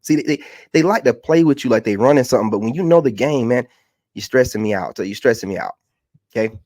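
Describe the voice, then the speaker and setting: A man's voice: medium pitch, animated, fast talker, darkish tone, dry recording, studio quality. A man, a content creator venting in a heated, mocking rant. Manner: exasperated, ranting, mocking.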